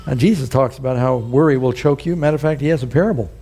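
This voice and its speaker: A man's voice: medium pitch, fast talker, mellow, slightly rough. A male pastor preaching a sermon, telling folksy stories and building to emphatic points. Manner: folksy storytelling with rising emphasis.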